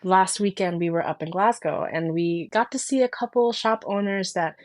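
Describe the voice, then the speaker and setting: A woman's voice: mid-range voice, normal speed, darkish tone. A woman hosting a podcast in casual chat, talking enthusiastically in long flowing sentences. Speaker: podcast host.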